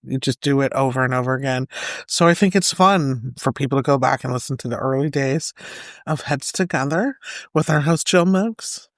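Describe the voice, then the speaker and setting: A middle-aged American woman, a guest on a podcast, talking in a relaxed, wry and joking way. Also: very deep voice, moderate pace, no echo, studio quality. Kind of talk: casual podcast chat.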